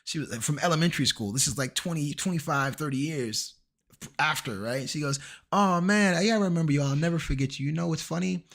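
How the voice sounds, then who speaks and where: A man streaming a game, chatting casually and acting out the people in his stories in an animated way. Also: fairly high pitch, brisk, vocal fry. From Washington, DC area. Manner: animated, acts out quoted people. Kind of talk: casual storytelling while gaming.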